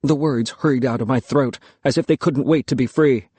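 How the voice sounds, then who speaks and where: A man narrates an audiobook in the first person, lyrical and measured, at a middling pitch. The sound is dry and close, with no room echo. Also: mellow, breathy edge.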